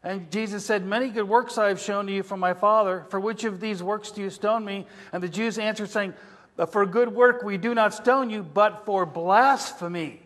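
A man's voice: sits high, steady tone, normal speed, a bit bright. A man preaching a sermon, asking the congregation questions as he teaches. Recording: reverberant hall.

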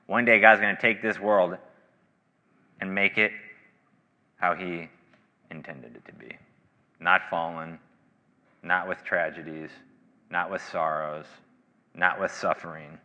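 A man preaching a sermon as pastor, earnest and emphatic, swinging from loud declarations to quiet, low passages. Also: steady tone, slow pace, long pauses, in a large hall, lo-fi sound. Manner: earnest, rising to emphatic bursts then dropping low.

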